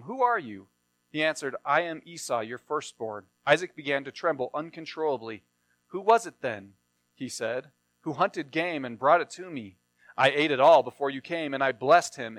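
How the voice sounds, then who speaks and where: A man's voice: mid-range voice, fairly bright tone, dry recording. A man reading a Bible passage aloud and then explaining it in a plain sermon style. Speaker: preacher.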